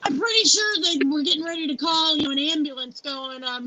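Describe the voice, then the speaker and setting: A woman's voice: high voice, a little fast, a crowd in the background. A woman in her forties telling a personal story in a live interview, frank and blunt, swearing freely and saying "you know" a lot. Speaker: founder and CEO, interview guest. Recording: muffled lo-fi live stream audio.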